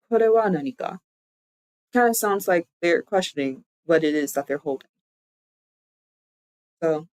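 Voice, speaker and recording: A VTuber streamer giving a live-streamed language lesson, explaining step by step and repeating words slowly. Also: medium pitch, no echo, low-quality recording.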